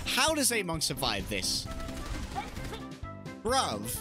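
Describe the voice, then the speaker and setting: A man's voice: fairly high pitch, sing-song, moderate pace. A man giving comedic, sarcastic voice-over commentary on an esports match, swearing and laughing as he goes. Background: background music.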